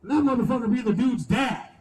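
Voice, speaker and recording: Here a comedian with a very high voice talks fast through an outdoor stand-up show, his storytelling crude, profane and lively with constant cursing. The sound is roomy and low in quality, recorded on a distant mic with slight background noise.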